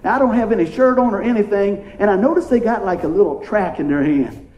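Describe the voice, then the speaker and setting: High-voiced preacher in an echoey room. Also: male voice, lively intonation, quick pace, a little mellow, highs cut off. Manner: playful, call-and-response preaching with frequent "amen?". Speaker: pastor. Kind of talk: sermon.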